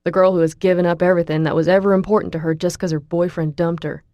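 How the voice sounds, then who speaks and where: A big young college man with a blunt, teasing way of talking, as a woman narrator puts him on in an audiobook. His voice sits fairly low and sounds close and dry. He stays matter-of-fact and protective. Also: steady tone, normal speed, darkish tone, no room sound, muffled recording. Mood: angry. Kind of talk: audiobook character voice.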